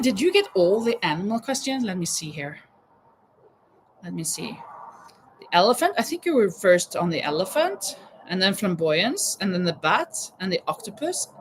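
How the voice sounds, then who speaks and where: A woman's voice: mid-range voice, big pitch swings, moderate pace, slight background noise, rough recording. A woman in her fifties hosting a live chat and quiz, laughing often and exclaiming "oh my goodness.". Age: 50s. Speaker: livestream host running a quiz.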